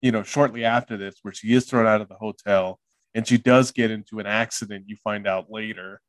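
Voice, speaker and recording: A man's voice: lowish voice, fairly even intonation, brisk, dry recording. A man co-hosting a movie podcast, thinking aloud in a hesitant way. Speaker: podcast co-host. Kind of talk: casual movie discussion.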